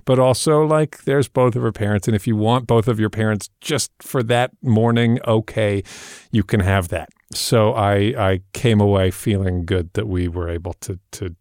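A man with a low voice chats as a podcast co-host, relaxed and a little halting, with a wry edge. His voice sounds close and dry. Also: no room sound. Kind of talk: casual chat.

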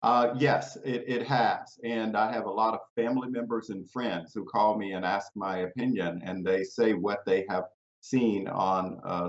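A man speaking as a guest in an interview over a video call, measured and conversational, drawing on personal experience. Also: deep voice. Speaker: guest, head of a national cities organization. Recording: dull, roomy video call audio.

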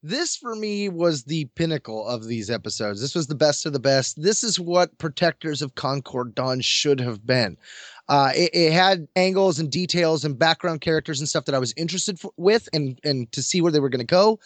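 Excited guy on a podcast, higher voice, lots of uh and restarts, dry close sound. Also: normal speed, no echo. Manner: enthusiastic, filler-heavy. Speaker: podcast co-host. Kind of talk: casual discussion.

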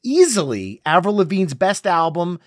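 A man's voice: sits high, sing-song, moderate pace, dry recording, studio quality. A middle-aged man hosting a podcast, chatting with an enthusiastic, friendly manner. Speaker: podcast host. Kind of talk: casual podcast chat.

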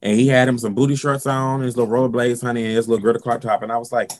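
A man's voice: mid-range voice, racing. Southern-accented man, drag performer, sassy interview storyteller. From South Carolina. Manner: sassy, expressive, sprinkles in "honey" and "girl".

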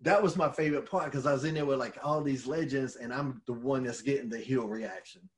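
A middle-aged man telling stories in casual chat, animated and swearing freely. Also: mid-range voice, fairly quick, a little hiss or hum. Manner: animated storyteller who swears freely and laughs at his own stories. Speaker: podcast co-host and former wrestler.

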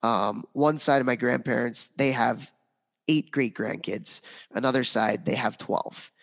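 A man in his thirties co-hosting a podcast, upbeat and grateful, talking casually with lots of ums, his voice a bit hoarse. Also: mid-range voice, a little slow. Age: 30s. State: hoarse, voice strained. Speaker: podcast co-host.

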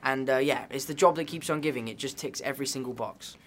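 A man's voice: mid-range voice, quick pace, fairly bright tone. A man from England with a Southwest London accent, an actor guest answering press interview questions in an upbeat, easygoing way. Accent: Southwest London English.

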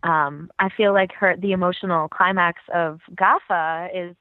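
A woman's voice: on the low side, steady tone, a little slow, no room sound. A woman co-hosting a podcast, chatting eagerly about music with lots of fillers and light laughs. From California. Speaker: podcast co-host. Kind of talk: casual chat about music. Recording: thin phone-like dry sound.

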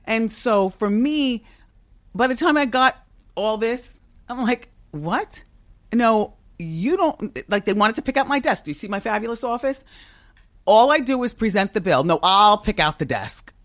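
A woman's voice: a little high, lively intonation, moderate pace, no echo. A woman in her fifties with a strong, commanding voice, talking candidly and emphatically in an interview, often laughing. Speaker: talk show host as podcast guest. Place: office with a kitchen upstairs.

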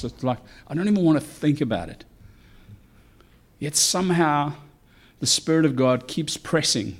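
A man preaching a conversational sermon, animated, with acted asides. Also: mid-range voice. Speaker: pastor.

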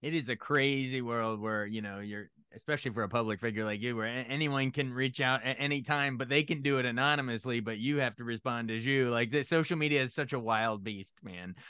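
Male radio reporter host, bright clear voice, quick delivery. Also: mid-range voice, no echo, studio quality. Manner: eager, laughs easily. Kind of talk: casual interview.

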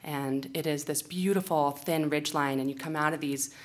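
A woman's voice: sits low, fairly even intonation, moderate pace. A young woman, an outdoor educator, telling a funny self-mocking story on stage into a microphone, laughing often. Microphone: handheld or stage microphone.

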